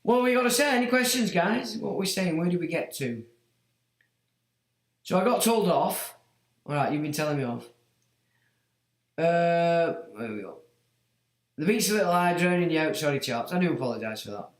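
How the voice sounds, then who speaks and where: A man's voice: a little high, expressive, normal speed, long pauses. A man hosting a casual livestream, rambling bluntly with muttered asides and frequent swearing. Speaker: livestream host. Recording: roomy echo.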